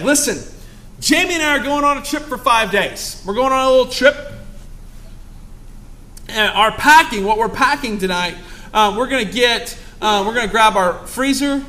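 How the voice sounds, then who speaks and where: A young male preacher with a high, ringing voice delivers an impassioned sermon. He swings between loud exclamations and quiet, hushed asides. His tone is bright and forceful throughout.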